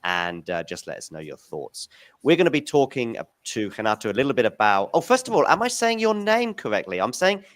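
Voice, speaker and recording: Lively-voiced male tennis podcast host. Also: mid-range voice, brisk, no room sound. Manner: friendly, chatty, loose and informal. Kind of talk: casual interview chat.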